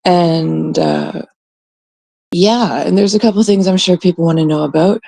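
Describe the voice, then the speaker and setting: Sick woman vlogger, husky and dark-toned, rambling casual chat with swearing. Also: on the low side, animated, a little slow, no echo, rough recording. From Canada. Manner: rambling, swearing freely, many fillers. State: sick, rough voice. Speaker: channel host.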